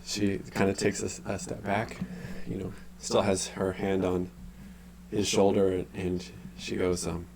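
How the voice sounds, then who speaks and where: Low-voiced man running a tabletop game. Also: measured pace, creaky, slight background noise. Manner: relaxed, full of fillers and restarts. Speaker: game master.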